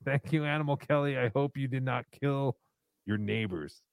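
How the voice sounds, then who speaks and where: A man's voice: medium pitch, moderate pace, vocal fry, no echo. A man hosting a live stream, casually playing callers' voicemails and chatting about them. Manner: easygoing, swears casually.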